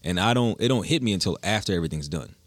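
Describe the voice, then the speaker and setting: A man's voice: sits low, animated, rapid-fire, dry recording. A young man telling stories in casual, slangy talk as a musician guest in an interview. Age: young adult. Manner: laid-back slangy storytelling.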